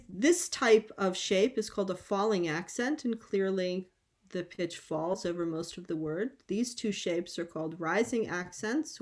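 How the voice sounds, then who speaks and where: A middle-aged woman lecturing on linguistics at an academic conference, explaining at a measured pace and often pausing on "um". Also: fairly low pitch. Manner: measured, explanatory, with frequent ums.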